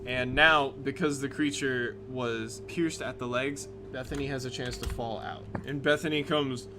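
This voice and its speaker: A man's voice: medium pitch, steady tone, normal speed, music in the background. Man narrating as game master. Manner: loose, filler-heavy narration.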